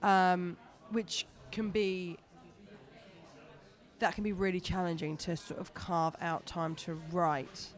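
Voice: medium pitch, flat delivery, slow. A stand-up comedian, chatting in a casual interview in a rambling, self-deprecating way.

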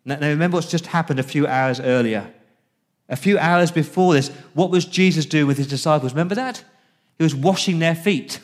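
A man preaching a sermon as pastor, earnest, reading scripture slowly and dropping to a hush on key words. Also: fairly high pitch. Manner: reads scripture slowly and deliberately.

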